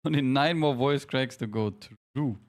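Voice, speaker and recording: A man's voice: medium pitch, moderate pace. A man streaming a game live, chatting casually with viewers, joking at his own expense while calling out instructions to his teammates. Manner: chatty, jokey, self-deprecating, directing teammates. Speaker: streamer leading a game team.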